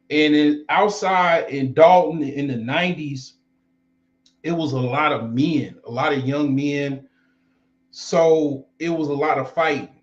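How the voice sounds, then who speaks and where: Rambling, profane man in a roomy recording. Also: mid-range voice. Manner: loose, rambling and profane, with many fillers. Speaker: vlogger. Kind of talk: casual storytelling. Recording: roomy, slightly dull recording.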